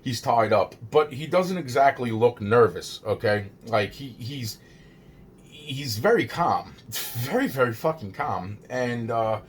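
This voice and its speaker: A man in the middle of recounting a true story, voice at an ordinary middle pitch with a faint ambient hum behind him. He stumbles over restarts and repeated words and swears constantly. He sounds shaken, as if he can barely believe it himself. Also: expressive. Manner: rambling and halting, many restarts and repeated words; shaken disbelief at his own story. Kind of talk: casual first-person true-story retelling.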